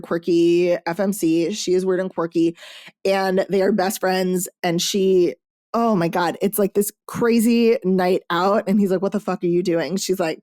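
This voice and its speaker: A woman hosting a podcast, chatting casually about books in an animated way, swearing freely and acting out lines. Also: mid-range voice, no room sound, clean studio sound. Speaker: podcast host reviewing romance books. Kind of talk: casual chat.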